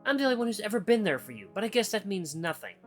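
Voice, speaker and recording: A man's voice: sing-song, very fast, faint music behind. A man voicing a bitter, possessive male ex-partner in a visual novel, whining and accusing in a raised voice. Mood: whining, guilt-tripping. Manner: whiny, accusing, raised pitch.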